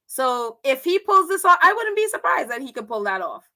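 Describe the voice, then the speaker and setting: A woman's voice: high-pitched, sing-song, normal speed, pushed and bright. A woman hosting a casual livestream, chatty, with frequent laughter and filler words. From United States. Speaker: livestream host.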